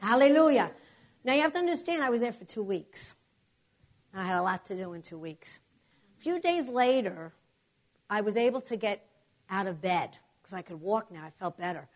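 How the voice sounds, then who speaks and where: A woman preacher telling a testimony in an animated storytelling manner, acting out the other voices. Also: medium pitch, moderate pace, long pauses. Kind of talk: sermon testimony.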